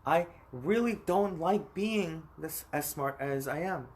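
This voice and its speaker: A man's voice: fairly high pitch, lively intonation, slow pace. A man in his thirties from the United States, talking to his phone in a rambling, emphatic personal vlog. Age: 30s. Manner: rambling, emphatic, talks straight at the viewer.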